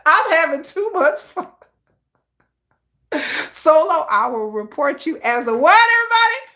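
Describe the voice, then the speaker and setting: A woman's voice: sits high, very animated, measured pace, bright, forceful tone. A woman hosting a casual livestream, teasing her chat and laughing often. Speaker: livestream host.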